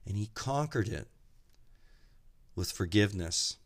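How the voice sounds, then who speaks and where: A man giving an earnest, reflective podcast talk, measured and slowing down for emphasis as he tells stories. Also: sits low. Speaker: podcast speaker.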